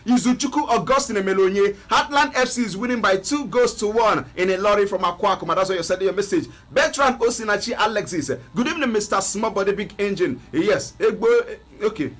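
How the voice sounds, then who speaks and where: Animated high-voiced Nigerian man. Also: quick pace, few pauses. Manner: animated, jokey, mixes in pidgin. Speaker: sports show host. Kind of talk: lively live sports talk.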